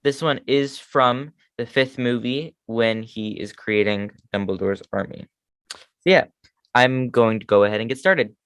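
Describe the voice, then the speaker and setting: A man's voice: medium pitch, measured pace, a bit bright, smooth, no room sound, studio quality. A man co-hosting a casual fan podcast, chatting enthusiastically and poking fun at himself. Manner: enthusiastic fan talk, self-deprecating. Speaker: podcast co-host. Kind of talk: casual chat.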